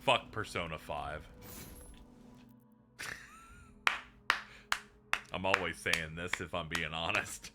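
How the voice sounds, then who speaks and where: A man streams a game and chats casually with viewers, laughing and swearing as music plays behind him. He talks slowly and pauses often, yet stays animated, jumping from squeaky highs to low mutters.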